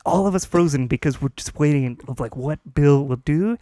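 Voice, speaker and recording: A man on a comedy podcast telling a long story with lively energy and laughing at his own punchlines. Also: a little high, moderate pace. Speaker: podcast co-host. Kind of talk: casual storytelling.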